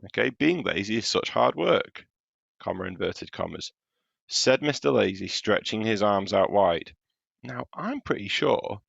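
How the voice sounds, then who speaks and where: A man's voice: lowish voice, creaky, fairly bright tone, breathy edge, no echo, muffled recording. A man teaching a primary class in a recorded home-learning lesson, patiently explaining step by step as he checks his own writing.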